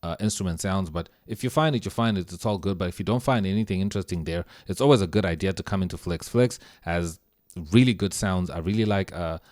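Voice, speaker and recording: A man's voice: deep voice, fast, a little mellow, no room sound, clean studio sound. A man giving a casual, slang-filled lesson on music production, easygoing as he walks through sounds. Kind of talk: casual screen-share tutorial. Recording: music playing under the voice.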